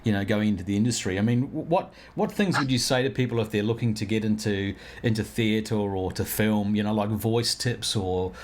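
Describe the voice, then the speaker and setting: A man hosting a casual interview, halting and repeating words as he forms his questions. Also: lowish voice, darkish tone, a little hiss or hum. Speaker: interviewer and host.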